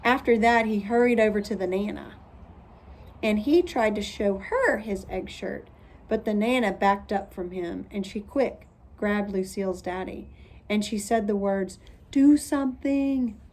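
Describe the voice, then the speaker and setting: A woman teacher reading a children's storybook aloud, expressive and clear. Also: medium pitch, a little slow.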